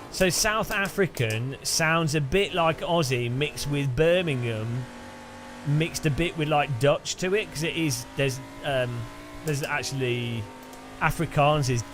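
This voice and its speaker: A man with a Midlands English accent chats in a rambling, excitable way while he streams sim racing. His voice sits a little high, with loud music playing behind him. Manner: rambling, excitable casual chatter. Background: loud background music.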